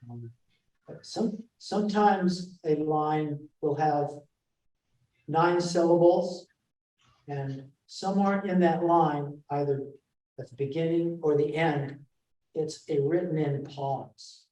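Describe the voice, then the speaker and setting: A man teaches a casual class in a roomy space, his voice mellow and captured from across the room. He talks slowly, breaking off and restarting often. Now and then he reads out lines of verse. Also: fairly high pitch, far from the mic. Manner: halting, with many fillers and restarts, reads verse aloud. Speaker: presenter of a Shakespeare class. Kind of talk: informal classroom lecture. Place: library meeting room. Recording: echoey room, voice picked up from afar.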